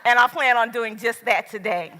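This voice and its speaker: A woman giving a motivational speech at a business event, slow and emphatic, with dramatic pauses. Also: fairly high pitch, pushed and bright. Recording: long reverb of a large hall.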